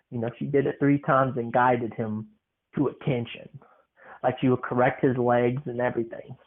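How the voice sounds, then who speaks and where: A man hosting a podcast, telling a funny family story in a rambling way, with lots of fillers and restarts. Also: medium pitch. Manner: meandering, full of fillers and restarts. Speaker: podcast host. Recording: tinny phone-like sound.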